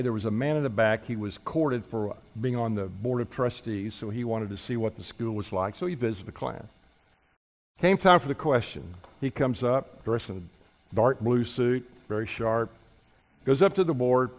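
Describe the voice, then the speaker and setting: A man preaching a sermon, telling stories with emphatic, slow, deliberate stresses. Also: medium pitch, darkish tone. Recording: reverberant hall.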